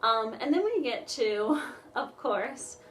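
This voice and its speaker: A woman's voice: a little high, big pitch swings, slow, fairly bright tone, far from the mic, slight background noise. A woman music therapist vlogging in a casual chat, rambling and full of "like", laughing often. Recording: roomy echo, voice somewhat off-mic.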